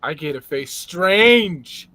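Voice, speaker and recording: A man's voice: sits high, lively intonation, takes it slowly, pushed and bright, no room sound. A man hosting a judging panel in casual chat, upbeat as he announces totals.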